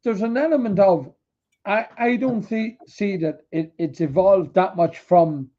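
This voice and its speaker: A man's voice: high-pitched, measured pace, mellow, muffled recording. An Irish man from the border region in late-night casual chat, rambling with many restarts and free swearing. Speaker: co-host.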